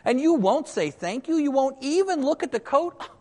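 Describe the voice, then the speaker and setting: A man's voice: extremely high pitch, big pitch swings, moderate pace, dark tone, in a large hall, voice pushed up. A man voicing a sly, scheming male ape from a storybook, pleading and guilt-tripping in a whiny, overly sweet way. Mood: whining.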